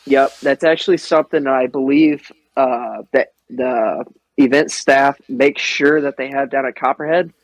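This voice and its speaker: A man's voice: medium pitch, fairly even intonation, moderate pace, no echo, low-quality recording. A young man hosting a podcast, talking in an earnest, profane and digressive way. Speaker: podcast host. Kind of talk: casual chat.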